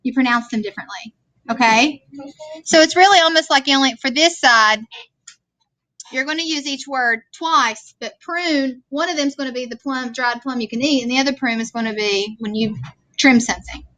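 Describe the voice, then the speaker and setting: In a classroom screen recording, a woman with a high, bright voice runs a worksheet vocabulary lesson at a moderate pace. Her tone is forceful yet patient as she explains words and checks in with "okay?" There's no echo.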